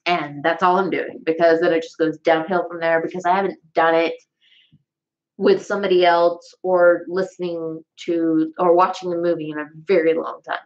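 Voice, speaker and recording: A woman's voice: on the low side, level tone, moderate pace, darkish tone, lo-fi sound. A young woman from the American South with a Southern accent, chatting casually to camera in a rambling, self-deprecating way. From Southern United States. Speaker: vlogger.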